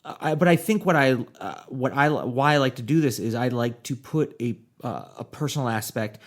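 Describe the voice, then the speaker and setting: A man co-hosting a paranormal comedy podcast, talking in a rambling, halting way with lots of fillers. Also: mid-range voice, animated. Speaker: podcast co-host. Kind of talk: casual chat.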